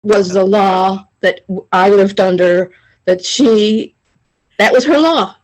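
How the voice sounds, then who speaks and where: A woman sharing personally in a group video call, talking in a halting, rambling way with many restarts, emotional and confessional. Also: medium pitch, poor audio. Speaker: study group member sharing.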